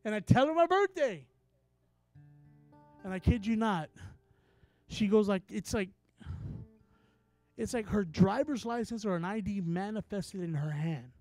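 A man preaching a sermon and telling a story in an animated way, acting out each person in it. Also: high-pitched, a little slow, long pauses, dry recording, faint music behind. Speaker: apostle, preacher.

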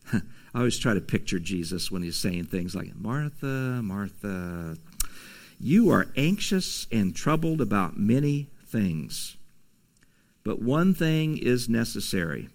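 A man preaching a conversational sermon, reading scripture and adding casual asides with soft laughs. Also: on the low side, very animated, a little slow. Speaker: pastor.

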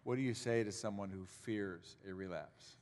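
Pastor asking questions in a hall. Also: male voice, on the low side, normal speed, a little mellow. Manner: brief affirmations, casual questions. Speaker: pastor interviewing guest. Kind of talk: onstage interview. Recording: long reverb of a large hall.

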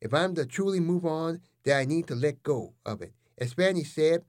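A man hosting and narrating comic stories, delivering absurd lines in a deadpan, animated way. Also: a little high, moderate pace, few pauses. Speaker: host and narrator. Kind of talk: comic storytelling.

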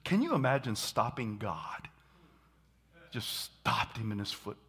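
A man preaching a sermon, animated, acting out scenes and shouting dramatically. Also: on the low side, a little slow, slightly rough.

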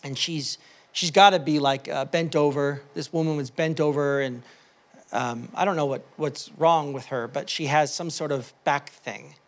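A male pastor with a notably high-pitched voice preaches in a loose, conversational way. He drops to soft, confiding asides, then climbs into loud, fervent bursts. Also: steady tone, normal speed. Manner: impassioned, swinging between hushed asides and loud outbursts; conversational, with fillers and restarts. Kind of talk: sermon.

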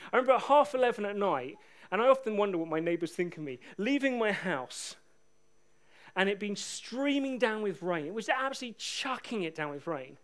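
A middle-aged man preaching a sermon, animated, swinging from loud declarations to hushed, near-whispered lines. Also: sits high, smooth. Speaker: pastor.

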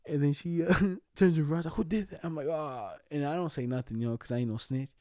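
Young guy, mellow voice, dry close sound, swearing and laughing thru his stories. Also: on the high side, quick pace, no room sound. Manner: slangy, profane, laughing storytelling. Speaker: storyteller in casual chat. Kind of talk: casual chat.

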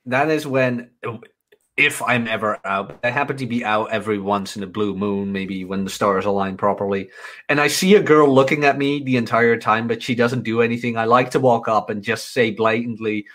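A man's voice: mid-range voice, steady tone, normal speed, a bit bright. A man with a British-ish accent co-hosting a casual podcast chat, bantering in a dry, laid-back way. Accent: British-ish foreign English. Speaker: podcast co-host.

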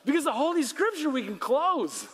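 Animated high-voiced man preaching. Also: normal speed. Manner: animated storytelling, acting out quoted voices with laughs. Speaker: pastor. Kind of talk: sermon. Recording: long hall reverb.

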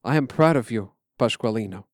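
Man doing a dad who's so relieved and proud, emotional, lively pitch. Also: brisk, no echo, clean studio sound, natural voice. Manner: emotional, heartfelt. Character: relieved, proud middle-aged father.

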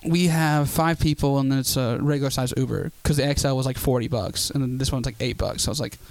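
Fast-talking young man telling a story. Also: medium pitch, dry recording. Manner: swears freely, animated storytelling with acted quotes. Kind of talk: casual chat.

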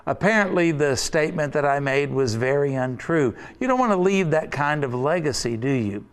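A man preaching a sermon as pastor, deliberate and emphatic, building points through repetition. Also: a little high, expressive, clear, resonant tone.

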